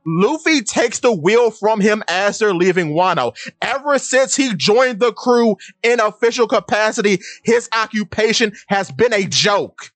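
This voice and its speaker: Podcast co-host, male, high-pitched, excitable ranter, dry close mic. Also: a little slow, few pauses, dry recording. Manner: excitable, ranting, mock-outraged and laughing. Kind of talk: casual podcast chat.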